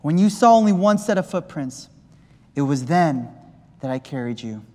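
A man voicing God as a gentle, fatherly figure who speaks in a soft, hushed way. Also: a little high, expressive, normal speed, natural voice. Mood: tender. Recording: long church reverb.

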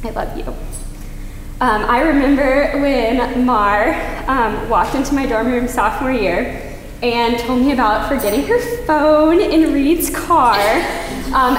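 A woman's voice: a little high, noisy background. A woman in her twenties giving a heartfelt rehearsal dinner toast to her closest friend, with many hesitant ums. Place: large dinner venue. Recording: echoey hall, faint ambience.

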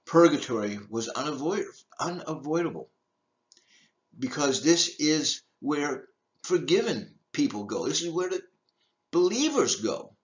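A man's voice: fairly high pitch, big pitch swings, unhurried, muffled recording. An older man, a deacon, giving an emphatic teaching talk with rhetorical questions. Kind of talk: teaching talk on church history.

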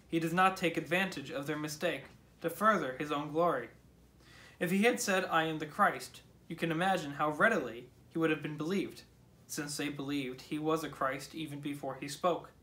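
A man leading a church's morning prayer, reading scripture and a sermon text in a measured, solemn way. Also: on the high side, sharp tone.

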